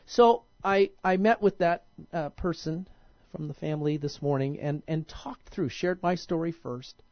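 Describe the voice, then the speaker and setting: A man's voice: fairly high pitch, no echo. A male pastor preaching in a casual, conversational way, often stopping and restarting his sentences. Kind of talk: sermon. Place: church. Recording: dull lo-fi recording.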